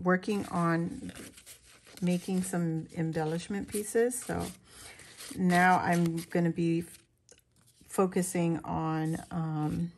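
Woman, crafting vlogger, casual chat to viewers, unhurried, slightly low voice, laughs easily. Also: darkish tone, a little hiss or hum. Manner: chatty, laughs often, talks to viewers while showing her work.

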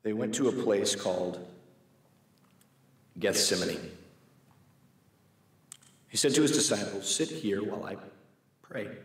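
A man's voice: lowish voice, expressive, takes it slowly, gravelly, long pauses. Guy leading a bible class at church, keeps asking the room questions, very echoey, mic sits far off. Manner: asks the class questions, reads scripture aloud. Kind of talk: conversational Bible class teaching.

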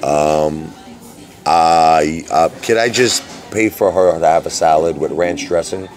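A man's voice: a bass voice, slow, soft background music. A man chatting casually to camera while ordering food at a restaurant table, rambling and restarting his sentences.

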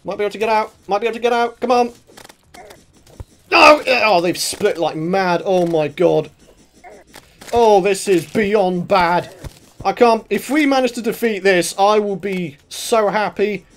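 A young man commentating his own gameplay, excitable, laughing often and shouting when in trouble. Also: high-pitched, measured pace. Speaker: gaming channel host. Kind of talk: let's play commentary.

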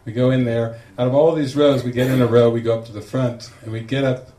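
A man, a spiritual teacher, telling a lively story to a group and acting out the quoted lines with laughter. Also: medium pitch, quick pace. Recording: echoey room, distant mic, faint noise.

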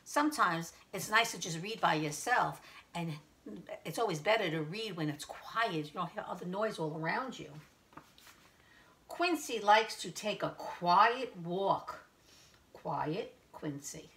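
A woman's voice: lowish voice, animated, a bit bright. Sing-song woman teaching preschoolers. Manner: slow, sing-song teacher talk with questions to the kids. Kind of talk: reading a picture book aloud to young children.

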